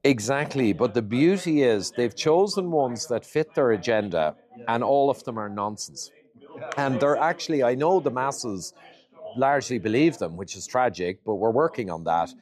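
A man's voice: mid-range voice, expressive, normal speed, darkish tone. A man speaking as an interview guest, laying out his points one by one in an emphatic, list-like way. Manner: lays out points in lists, emphatic. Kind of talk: interview conversation.

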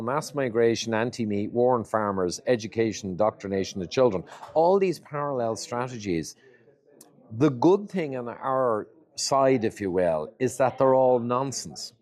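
A man with a medium-pitched, somewhat dark voice speaks as a guest in an interview. He lays out his points one by one, emphatically, as if reading from a list.

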